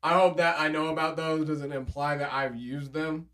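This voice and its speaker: A man hosting a podcast in casual chat, reacting with exclamations and quick jokey quips. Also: on the high side, little pitch movement, a bit bright. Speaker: podcast host.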